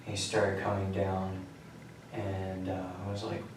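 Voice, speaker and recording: A man in a police interrogation room, recounting events flatly and matter-of-factly, his voice often trailing off low. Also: a little slow. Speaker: suspect confessing. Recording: echoey room, mic far off, faint noise.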